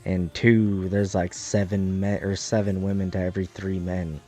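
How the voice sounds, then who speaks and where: A man's voice: low voice, little pitch movement, normal speed, mellow, faint music behind. Profane, rambling American man. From United States. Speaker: streamer. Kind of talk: casual chat while gaming.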